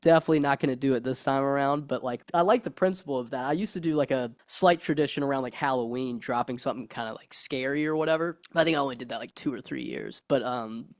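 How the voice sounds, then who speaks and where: A man's voice: mid-range voice, quick pace, few pauses, no echo, studio quality. A male musician chatting casually as a podcast guest, laid-back and rambling with lots of fillers.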